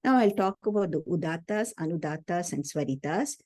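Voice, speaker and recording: A middle-aged woman explains how to chant, patient and earnest, pausing to ask "hmm?" of her listeners. Her voice sits a little low and sounds mellow and soft. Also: animated, no room sound. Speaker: teacher. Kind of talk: spiritual lecture on chanting.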